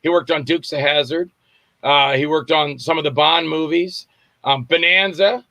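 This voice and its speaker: Male director guest, animated storyteller, bright tone, dry close sound. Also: a little high, normal speed, vocal fry, no echo. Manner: animated anecdotes, acts out voices and shouts. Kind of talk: casual storytelling interview. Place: Tampa area, Florida.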